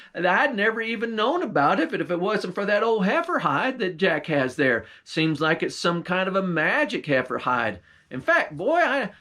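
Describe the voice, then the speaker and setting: A man's voice: high-pitched, pushed and bright, exaggerated voice. A man voicing an eager, nosy old country husband with a folksy drawl. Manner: pleading, insistent, folksy drawl.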